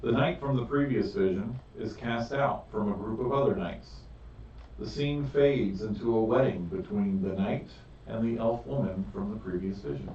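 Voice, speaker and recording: A male game master reads out scenes in a slow, deliberate way. He sounds distant from the mic, in a roomy space with a dull, muffled tone. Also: on the low side, darkish tone, slight background noise. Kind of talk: narrating a tabletop game. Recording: echoey room, far from mic, dull.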